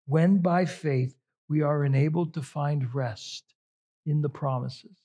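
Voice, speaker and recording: Husky-voiced man preaching slowly. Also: fairly high pitch, warm tone. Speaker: pastor. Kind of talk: sermon.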